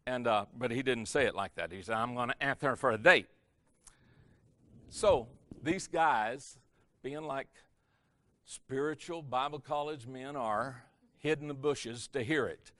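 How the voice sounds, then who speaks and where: A man preaching as a pastor, telling a story in a sermon and swinging his loudness from hushed to loud for effect. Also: medium pitch, unhurried, dry recording. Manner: animated, varies loudness for effect. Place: church or conference hall.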